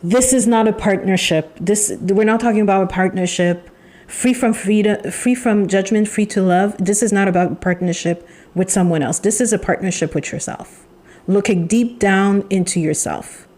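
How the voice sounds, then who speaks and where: A woman giving a channeled tarot reading, talking in an emphatic, repetitive way with pauses and sighs. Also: medium pitch, a little mellow. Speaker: tarot reader.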